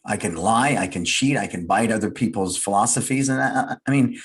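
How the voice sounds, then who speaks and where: A man's voice: medium pitch, expressive, normal speed, few pauses, breathy edge. A middle-aged man giving a motivational fireside talk, earnest and emphatic, repeating his key phrases. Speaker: guest speaker, business leader.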